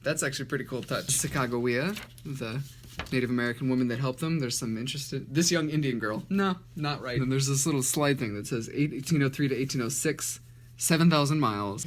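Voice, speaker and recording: A man's voice: mid-range voice, fast talker, slight background noise. A man giving casual, self-mocking commentary as he flips through his childhood drawings, with sarcastic asides and frequent laughs.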